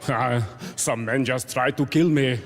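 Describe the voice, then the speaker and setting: A man's voice: mid-range voice, fairly even intonation, measured pace. A man performing a comedy act on stage, telling a story in an exaggerated, dramatic way. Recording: loud crowd and stage noise.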